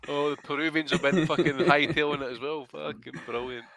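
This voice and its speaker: A man's voice: on the high side, fairly even intonation, fairly quick, vocal fry, crowd noise. A man co-hosting a boxing podcast, blunt and swearing constantly. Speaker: podcast co-host. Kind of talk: casual chat.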